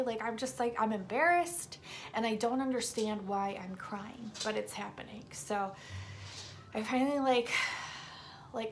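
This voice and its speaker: A woman vlogger with a sore throat, telling a story to her viewers in an emphatic, casual way and sometimes dropping into a hushed whisper. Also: medium pitch, creaky, a little hiss or hum.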